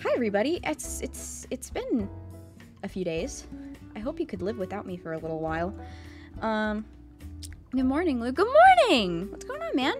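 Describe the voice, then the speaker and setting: A woman streamer chatting casually with her viewers live, excitable, swearing freely and laughing often, rambling and repeating herself. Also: medium pitch, normal speed, long pauses, over music.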